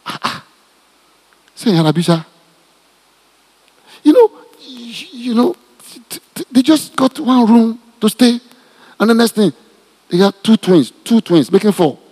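In this teaching sermon, a Nigerian-accented man speaks in a somewhat high, mellow voice with a touch of huskiness, taking his time and pausing often. He's lively and repeats himself, cracking jokes for his listeners while his voice echoes with long reverb like in a church hall.

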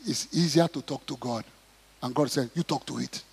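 A middle-aged man preaching a sermon, acting out prayers and Bible stories and rising to shouts. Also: medium pitch, normal speed, gravelly, husky. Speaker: pastor. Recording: long hall reverb.

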